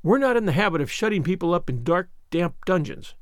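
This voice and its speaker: A man's voice: high-pitched, big pitch swings, fairly quick, no echo. A man doing a stern, dry-tongued spinster. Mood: dry, firm. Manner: strict, dry and reproving. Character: stern, dry middle-aged spinster woman.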